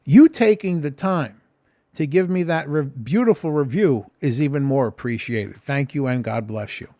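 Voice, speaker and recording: A man's voice: fairly high pitch, normal speed, dark tone, dry recording, clean studio sound. A man talking casually in a rambling, profane vlog at home. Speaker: vlogger. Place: home kitchen.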